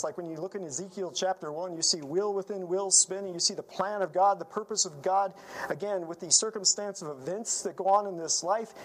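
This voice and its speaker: A man's voice: sits high, normal speed, a little hiss or hum, low-quality recording. A man preaching a sermon in an earnest, emphatic manner, often letting his phrases trail off.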